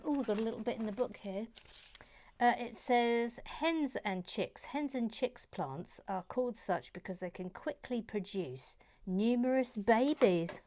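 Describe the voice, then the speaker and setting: A woman talks casually at a middle pitch as she builds. She chats, pokes fun at herself and drops to soft mutters now and then. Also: slight background noise. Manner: chatty, self-mocking, reads out viewer messages; mutters softly while building. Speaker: host of a brick-building channel. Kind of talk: casual building vlog chat.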